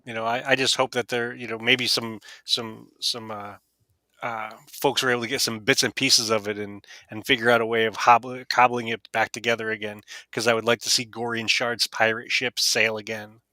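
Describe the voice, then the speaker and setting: Bright, dry-voiced enthusiastic fan host. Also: male voice, mid-range voice, little pitch movement, normal speed, dry recording. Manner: upbeat, fan enthusiasm, many restarts. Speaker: podcast co-host. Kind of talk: casual panel chat.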